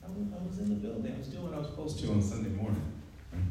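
A man's voice: a little high, sing-song, racing, dark tone, a little hiss or hum. A man in his forties preaching a conversational, joking sermon in a church, laughing often. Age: 40s. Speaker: preacher and track coach. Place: church sanctuary. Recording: echoey hall, mic at a distance.

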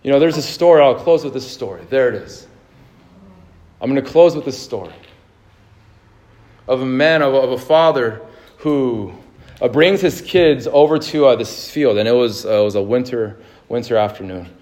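A male pastor delivering a sermon, moving between fervent exhortation and calm storytelling, with frequent fillers and repeated words. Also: mid-range voice, normal speed. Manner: rising fervor, then a calm storytelling tone.

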